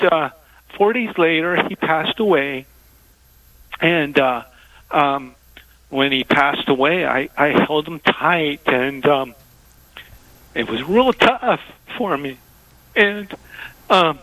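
A man calling into a radio show, telling a story haltingly with many pauses and fillers. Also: fairly high pitch, sharp tone, no echo, poor audio. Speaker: caller.

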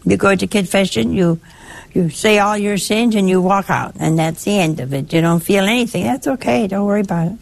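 An older woman giving a sermon in a conversational, lively way, teasing and chiding her listeners affectionately. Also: medium pitch, brisk, creaky. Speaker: preacher.

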